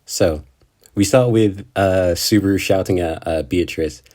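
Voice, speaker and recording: A man's voice: sits low, measured pace, warm tone. A man casually recapping an anime episode, rambling with lots of fillers and tag questions. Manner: rambling, full of fillers and "right?". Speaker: anime video creator.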